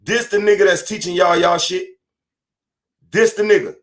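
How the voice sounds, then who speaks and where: Profane ranting man, podcast host, fairly high voice, confrontational. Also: steady tone, normal speed. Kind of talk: angry monologue rant.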